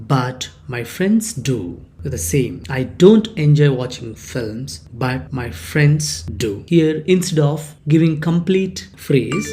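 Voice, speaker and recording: A teacher talks through a grammar lesson at an unhurried, measured pace. The pitch rises and falls in a lively way, leaning hard on key words in each example sentence and repeating them. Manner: reads example sentences aloud with stress and repetition. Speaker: English teacher. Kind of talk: slow explanatory grammar lesson.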